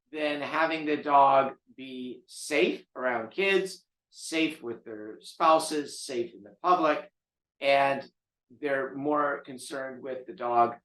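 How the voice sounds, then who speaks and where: A man's voice: medium pitch, fairly bright tone. Blunt lecturing man, roomy sound. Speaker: dog trainer. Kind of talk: casual talk to camera. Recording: roomy echo.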